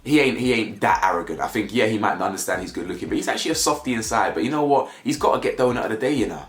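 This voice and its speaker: A man's voice: lowish voice, expressive, rapid-fire. A young man gives a casual, slangy review of a reality show, firing off rhetorical questions. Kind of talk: casual commentary vlog. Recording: echoey room with faint music.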